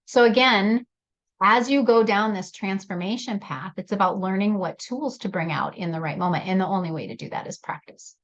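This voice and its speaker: Animated woman leading a workshop, lo-fi audio. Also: mid-range voice, moderate pace. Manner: animated, laughs often, addresses attendees by name. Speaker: leadership workshop host. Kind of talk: live workshop talk.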